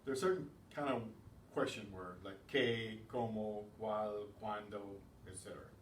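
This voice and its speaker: A man's voice: on the low side, normal speed. A man teaching a beginners' language class, explaining patiently and answering his own questions. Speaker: Spanish teacher. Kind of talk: classroom lesson. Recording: echoey room, distant mic, faint noise.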